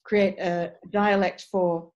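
In an interview, a woman who works as a voice and dialect coach talks slowly in a medium-pitched voice, energetic and articulate though she restarts some phrases. The recording has its highs cut off.

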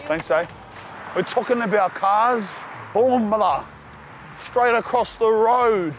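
A young man with an Australian accent hosting a casual food vlog outdoors, talking in excited slang to the viewer. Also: high voice, takes it slowly, slight background noise. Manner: excited slangy banter, calls the viewer cuz and bro. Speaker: food vlogger host. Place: outdoors at street food trucks.

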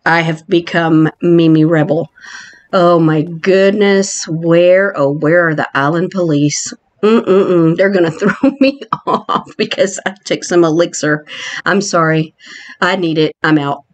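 A woman casually narrating a video game island tour, giggly and excitable, with playful squeals of mock fright and laughter at her own jokes. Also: on the low side, unhurried. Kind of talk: casual gameplay commentary.

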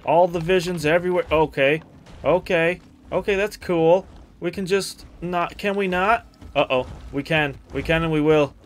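A young man casually commentating his own play of a horror game, chatty and jumpy, muttering to himself and yelping at scares. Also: on the high side. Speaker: gaming streamer.

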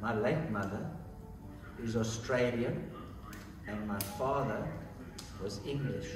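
An older South African man talks in a chatty, easygoing way. He sounds far from the mic, with heavy echo and steady noise behind him. His pitch sits in a middle range. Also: slow. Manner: chatty, easygoing, repeats himself. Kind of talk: casual conversation with travelers. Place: hotel lobby. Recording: echoey and distant with noise.

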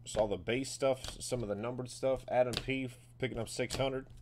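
A man hosting a live sports card break, calling out each card and getting excited over big pulls. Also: mid-range voice, normal speed, background noise.

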